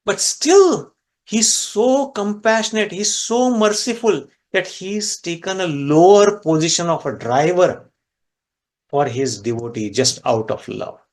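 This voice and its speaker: A man teaching a scripture class, retelling a devotional story and explaining Sanskrit words step by step, his voice jumping up in pitch at key moments. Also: measured pace. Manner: animated storyteller with sudden pitch rises. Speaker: spiritual teacher.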